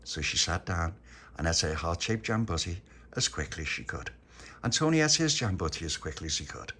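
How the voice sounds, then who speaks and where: A man's voice: deep voice, sing-song, a little fast, pushed and bright, slightly rough. A man narrating a children's story in a playful, chatty way. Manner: playful, laughing.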